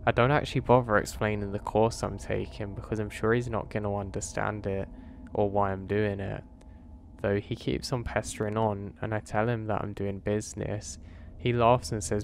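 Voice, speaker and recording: A man narrating a first-person horror story in a measured, confessional way. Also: lowish voice, level tone, gravelly, slight background noise.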